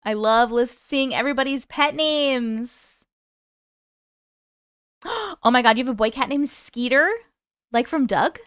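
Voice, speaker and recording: A young woman chats casually on a live stream, reacting to comments and laughing often. Her voice sits a little high and comes across bright and smooth. The sound is dry and close. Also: measured pace, pauses often, no room sound. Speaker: YouTube live host.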